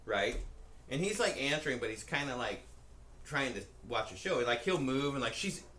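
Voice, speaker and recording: A man co-hosting a podcast, telling a long, rambling story in a casual, profane, animated way. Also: mid-range voice, normal speed. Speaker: podcast co-host. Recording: roomy echo with faint background noise.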